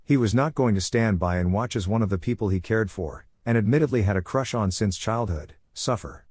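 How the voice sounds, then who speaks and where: A man narrating a fan-fiction story as an audiobook in a steady, even reading. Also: lowish voice, brisk, breathy edge, no echo, clean studio sound.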